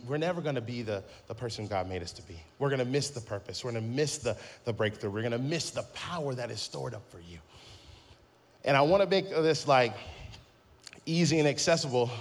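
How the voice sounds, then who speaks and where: A man in his thirties preaching a sermon, telling a funny story and acting out the quotes. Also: mid-range voice. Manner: lively storytelling with acted-out quotes and humor. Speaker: pastor.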